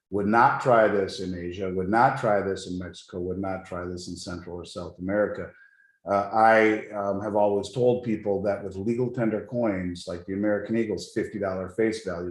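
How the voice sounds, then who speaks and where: A man who deals in precious metals, a guest in an interview, telling a long anecdote in an animated way. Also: low-pitched, echoey room. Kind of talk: storytelling in an interview.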